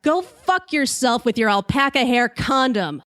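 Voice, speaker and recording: A woman voicing her supportive, quick-witted boyfriend in a told story, with cutting comebacks. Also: high voice, no room sound, studio quality. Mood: heckling back. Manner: calm, then cutting comebacks.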